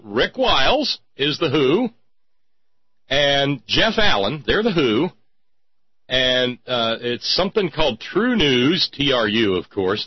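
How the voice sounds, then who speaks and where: A sarcastic male talk radio host with a husky, slightly breathy voice that leaps up into squeaky mock outrage. The sound is dry and close, with a somewhat dull, lo-fi broadcast tone. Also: sing-song, slow pace, no echo. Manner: mocking, with sudden high-pitched exclamations.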